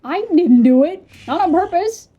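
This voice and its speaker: A woman giving casual let's-play commentary, excitable, talking to the game characters and reacting out loud. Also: very high-pitched, moderate pace, dull audio. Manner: excitable, talks to the game, squeals and laughs. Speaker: gamer playing on a video channel.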